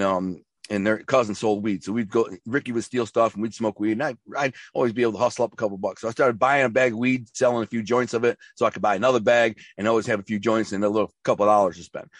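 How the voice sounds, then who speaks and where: A man's voice: mid-range voice, no echo. A man being interviewed, telling his life story in a rambling, emphatic way with slang and restarts. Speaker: interview guest.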